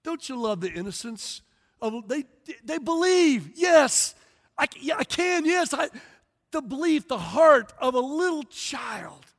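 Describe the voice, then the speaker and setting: A middle-aged male pastor preaching a lively sermon, telling stories with animation, acting out voices and bursting into shouts. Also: very high-pitched, unhurried. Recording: long hall reverb.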